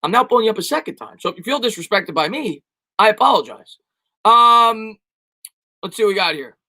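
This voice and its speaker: High, bright-voiced sports streamer. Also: male voice, expressive, a little fast. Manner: rambling, repeats himself, emphatic opinions. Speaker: sports YouTuber answering live chat questions. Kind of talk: casual live-stream Q&A.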